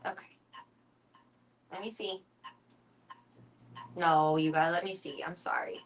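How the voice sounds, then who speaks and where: A woman's voice: lowish voice, fairly even intonation, unhurried, a little hiss or hum. A young woman streaming from home, chatting casually, swearing freely, and cooing baby talk at her pets. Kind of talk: casual live-stream chat.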